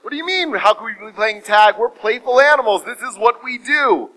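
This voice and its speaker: A man putting on carefree, playful elephants who defend themselves, the voice high and bright. The tone is light and a bit defensive. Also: lively intonation, brisk, exaggerated voice, low-quality recording.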